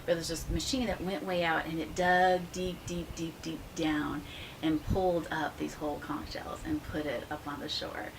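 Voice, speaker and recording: A woman guest in a casual interview, telling her story with animated quotes that soften into a hushed, earnest tone. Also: low-pitched, moderate pace, gravelly, slight background noise, low-quality recording. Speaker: interview guest, ministry founder.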